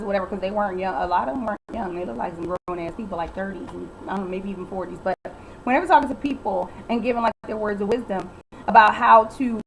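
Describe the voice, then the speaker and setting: A woman ranting bluntly through a casual recap, sarcastic and exasperated, often swearing and quoting others in quick put-on voices. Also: a little high, a little hiss or hum, rough recording. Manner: acts out others' lines in quick quoted voices. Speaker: reality TV recap vlogger.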